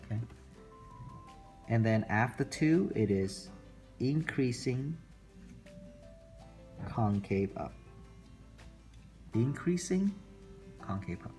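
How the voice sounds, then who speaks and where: Guy teacher going over calculus real slow, lowish voice, says each step twice, faint music behind. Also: lively intonation, a little mellow. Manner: slow, repetitive, talking through steps while sketching. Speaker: math teacher. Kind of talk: classroom lecture recorded for students.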